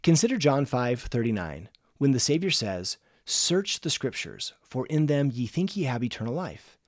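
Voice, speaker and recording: A middle-aged man hosting a devotional podcast, speaking earnestly and slowing down to stress key words. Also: mid-range voice, big pitch swings, no echo, clean studio sound. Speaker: podcast host and religion teacher. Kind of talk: scripted devotional podcast talk.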